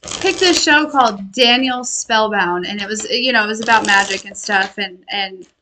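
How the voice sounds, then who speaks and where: A woman's voice: mid-range voice, moderate pace, bright, forceful tone, slight background noise, poor audio. A woman giving a casual spiritual message to her viewers as a tarot reader, rambling and laughing often, with an affectionate manner. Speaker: tarot reader and intuitive healer.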